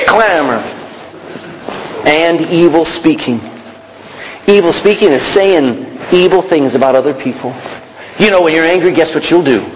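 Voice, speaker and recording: A man preaching a sermon, animated, calling out to the congregation and acting out quotes. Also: on the high side. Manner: animated preaching with calls of "Amen?", acted quotes and shouts. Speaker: pastor. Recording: reverberant hall with faint background noise.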